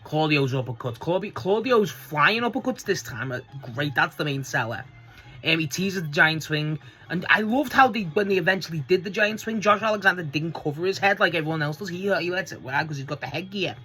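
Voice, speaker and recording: Man, casual solo review, rambling, excitable, husky voice, faint music behind. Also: on the high side, fairly quick. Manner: excitable, rambling, swears freely. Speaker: wrestling show reviewer.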